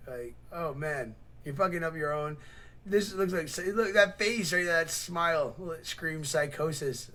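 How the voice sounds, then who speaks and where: A man hosting a reaction video, talking in a rambling, excitable way full of swearing and mocking asides. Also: on the high side. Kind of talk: casual profane reaction commentary.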